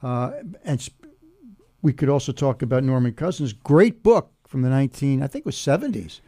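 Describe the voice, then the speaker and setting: A man in his seventies explaining humor in conversation and telling a joke slowly, step by step, with pauses. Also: medium pitch. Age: 70s. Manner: animated, builds jokes slowly with pauses.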